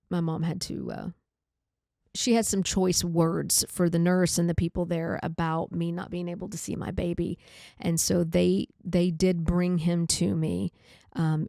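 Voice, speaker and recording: A woman hosts a podcast and tells a personal story in a candid, halting way. Her voice sits low, with a gravelly texture and a mellow tone. It is recorded dry, with no room echo. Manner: candid, halting, reflective, says like often. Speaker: podcast host.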